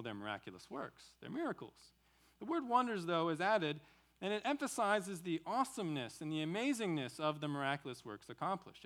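A male pastor delivers an expository sermon in a fairly high voice that rises and falls in a lively way. He poses rhetorical questions and repeats key phrases for emphasis.

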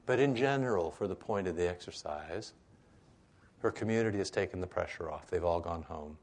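A man's voice: low-pitched, lively intonation, a little fast, darkish tone. A man teaching a Bible study in a conversational way, with frequent rhetorical asides.

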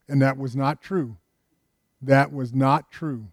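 A man's voice: mid-range voice, normal speed, darkish tone, dry recording, clean studio sound. An older man preaching a sermon with emphasis, often putting questions to his congregation. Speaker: pastor.

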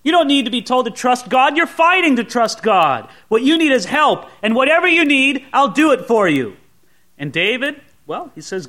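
A man delivers an expository sermon in a notably high-pitched voice. His tone is bright and forceful. He leans into dramatic readings of the characters' words. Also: sing-song, a little fast. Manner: dramatic, voices the Bible characters with rising intensity. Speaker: pastor.

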